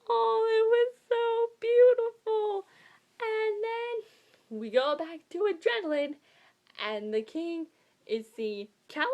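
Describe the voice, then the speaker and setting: A young woman vlogging about a novel she loved, in a gushing, breathless way that swings from hushed whispers to high squeals. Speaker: book vlogger. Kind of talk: excited casual book talk.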